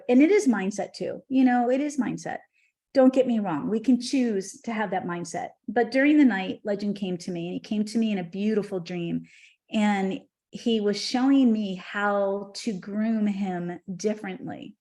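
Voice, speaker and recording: A woman's voice: mid-range voice, normal speed, warm tone. A middle-aged woman, a podcast guest, telling a heartfelt spiritual story in conversation.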